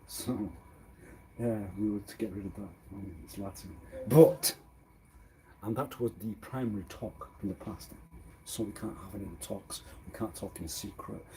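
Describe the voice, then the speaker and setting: A man on a live stream rambling in a disjointed monologue, arguing back and forth with himself and repeating words, swinging from quiet mutters to loud exclamations. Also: lowish voice, fairly even intonation, normal speed, a little hiss or hum. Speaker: livestreamer.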